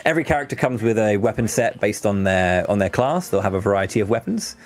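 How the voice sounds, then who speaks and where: A man with a lowish voice hosts a game stream, talking loosely and circling back through his sentences with lots of "like" and "you know". Faint game music sits under his chat. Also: expressive, fast. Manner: rambling, many fillers and restarts, chuckling. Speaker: host. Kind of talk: casual gameplay commentary.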